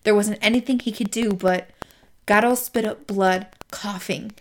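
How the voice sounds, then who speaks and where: A woman's voice: medium pitch, fairly even intonation, moderate pace. A woman recaps a book on a casual podcast, piling up fillers and slipping into the characters' lines as she retells the scene. Her voice sits in a middle range, and there is faint background noise. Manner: retells scenes with acted quotes, many fillers.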